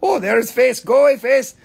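A man hosting a live crystal sale on his phone, excitable and chatty, swearing casually and laughing often. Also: extremely high pitch, normal speed, gravelly. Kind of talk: live-stream sales chat.

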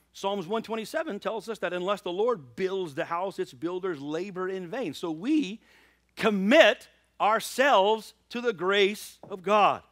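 Animated preacher man, lively high-pitched voice. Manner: animated, laughing storyteller turning to earnest preaching. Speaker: pastor. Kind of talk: sermon with humorous personal storytelling.

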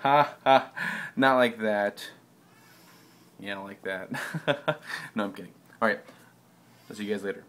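A man's voice: lowish voice, moderate pace, pauses often, a bit bright, slight background noise. A man vlogging in a goofy, self-mocking way, recorded in a bathroom. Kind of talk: rambling comic vlog. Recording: echoey bathroom.

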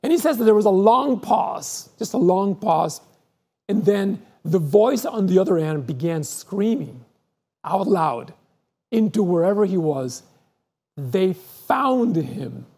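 Pastor preaching, warm mellow voice kinda husky, earnest, repeats words while thinking it through. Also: medium pitch, animated, measured pace. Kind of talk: sermon with storytelling.

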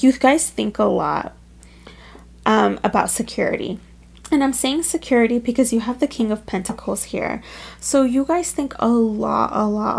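A woman with a slightly high voice and a gravelly fry talks through a pick-a-card tarot reading. Her delivery is chatty and full of fillers, and she grows openly emotional as she speaks. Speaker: tarot reader.

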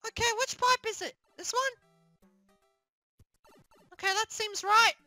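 A performer voicing a whiny, easily panicked young male plush hero in a comedic puppet gaming skit. He yelps and shouts in panic. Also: extremely high pitch, a little slow, no echo, faint music behind, exaggerated voice.

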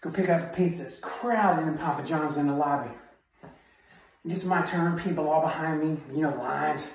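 A man's voice: a little high, normal speed, slight background noise. A man giving a self-defense training talk as an instructor, in a punchy, emphatic style of short barked phrases. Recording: very echoey room, far from mic.

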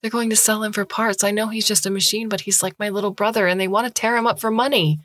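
Lady doing a young student girl, begging, earnest, voice pitched up higher. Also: fairly even intonation, quick pace, a bit bright, no room sound, clean studio sound, lightly acted. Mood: pleading. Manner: pleading, earnest. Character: young woman grad student, upset, pleading.

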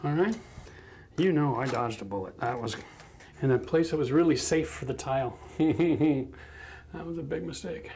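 A man's voice: medium pitch, fairly quick, vocal fry, darkish tone. A man with a chatty, self-mocking manner who laughs often, teaching a casual DIY tiling tutorial on a bathroom job site. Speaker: renovation instructor.

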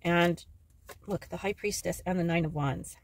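A woman giving a casual tarot card reading to camera, excitable and joking, swearing freely as she talks to her viewers. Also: fairly low pitch, moderate pace. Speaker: tarot reader.

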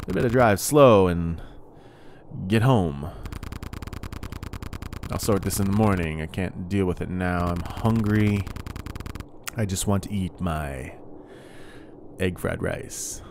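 A man's voice: deep voice, very animated, slow, pauses often. A man hosting a horror game playthrough with wry, mock-dramatic muttering. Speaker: gaming video host. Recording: clear background noise.

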